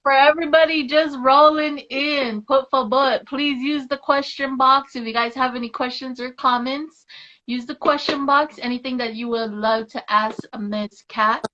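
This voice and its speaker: A woman's voice: high-pitched, fairly even intonation, normal speed, bright, forceful tone, slight background noise. A woman hosting a live-streamed interview, effusive and speaking straight to her audience. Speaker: podcast host. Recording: slightly dull lo-fi stream audio.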